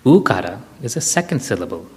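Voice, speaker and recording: A man's voice: mid-range voice, sing-song, quick pace, darkish tone. A man giving a spiritual lecture to an audience, explaining things step by step and demonstrating chanting. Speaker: spiritual teacher. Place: large hall with audience. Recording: long hall reverb.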